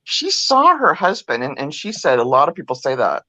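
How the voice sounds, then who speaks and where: An older woman with a very lively, swooping voice tells a family story with lots of laughter. The sound is close and dry. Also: sits low, moderate pace, no echo. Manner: animated storyteller, laughs often. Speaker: co-host. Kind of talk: casual chat.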